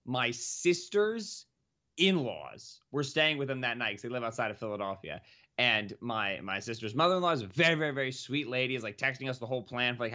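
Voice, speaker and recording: A young man co-hosting a podcast, casually telling a self-mocking story that grows animated. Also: medium pitch. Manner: animated, self-mocking, rising to laughing exclamations. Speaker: podcast co-host.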